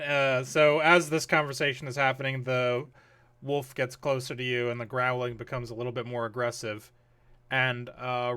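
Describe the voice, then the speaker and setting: Bright-voiced man running a tabletop game. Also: medium pitch. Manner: rambling, many fillers, voices characters. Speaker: game master.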